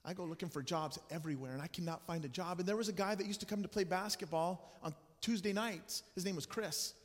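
A male pastor with a notably high voice preaches in an earnest, conversational tone, often restarting his phrases. His voice rings through a church sanctuary with a long reverb tail. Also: quick pace. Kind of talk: sermon with personal storytelling.

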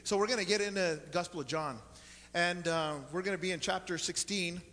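A man's voice: sits high, fairly quick, sharp tone. A man in his forties preaching as a pastor in a church, folksy and joking with the congregation. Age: 40s. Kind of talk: sermon. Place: church sanctuary. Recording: long church hall reverb.

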